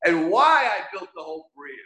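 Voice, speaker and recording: A man putting on a booming, indignant God. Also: sing-song, normal speed, bright, forceful tone, exaggerated voice. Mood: emphatic. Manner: emphatic, rising pitch. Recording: echoey room.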